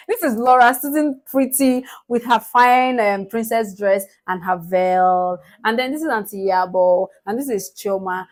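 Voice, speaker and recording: Nigerian woman, fairly high voice, chatty gossip recap, laughs a lot. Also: a little slow. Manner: animated gossiping, laughs often. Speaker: reality show recap host. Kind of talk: casual chat.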